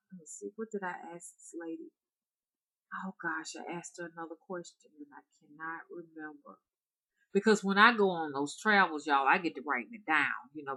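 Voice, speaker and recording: A woman spiritual reader softly and hesitantly telling her viewers a story, with frequent restarts. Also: deep voice, rough recording. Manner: soft-spoken, hesitant, with restarts.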